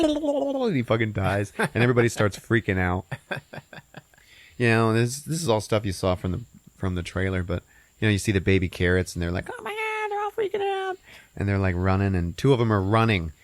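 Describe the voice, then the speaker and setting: A man hosting a podcast, casually recapping a movie's plot with lots of profanity and laughter, jumping into squeaky put-on voices for the characters. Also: a little fast, no echo. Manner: profane, laughing, animated storytelling. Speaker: podcast host.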